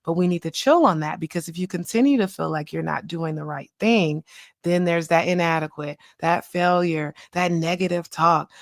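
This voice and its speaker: A chatty woman in her thirties talks straight into a close mic, her voice sitting a little low for a woman. She is animated and laughs easily as she hosts her own podcast. The sound is dry, with no room around it. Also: moderate pace, no echo. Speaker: podcast host, child psychiatrist. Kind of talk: casual solo podcast talk.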